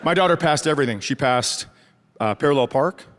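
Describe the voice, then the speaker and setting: A man's voice: a little high, expressive, a little fast. A middle-aged man doing a stand-up comedy set, telling sarcastic stories about his family and acting them out. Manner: sarcastic storytelling, acts out family members. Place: theater stage. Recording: live venue with loud audience laughter.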